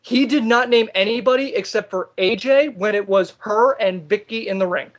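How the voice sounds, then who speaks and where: A man hosting a casual podcast chat, ranting with animated exasperation and laughing often. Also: high-pitched, normal speed. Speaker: podcast host.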